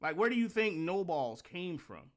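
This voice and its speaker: A man hosting a reaction commentary, talking bluntly and scornfully with lots of swearing and sudden animated rants. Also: sits high, moderate pace. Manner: animated rants with mocking outbursts. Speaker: host.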